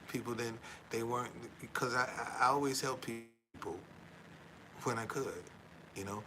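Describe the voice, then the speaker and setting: Background noise accompanies this medium-pitched man on a casual livestream. Once a van driver and now a tour guide, he's middle-aged and rambles, repeats himself, says "man" a lot, and preaches earnestly about being honest.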